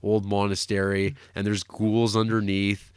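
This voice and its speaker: In casual podcast chat, a young co-host rambles with many fillers and restarts, his lowish voice completely flat, a little slow, darkish and smooth. The recording is dry and studio quality.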